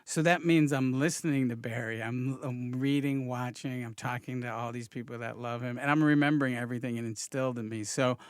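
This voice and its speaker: A man who is a comedian and director, talking as a podcast guest, quiet and reflective with frequent restarts. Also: mid-range voice, steady tone, a little fast, hardly any pauses, smooth, no room sound, studio quality. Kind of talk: podcast conversation.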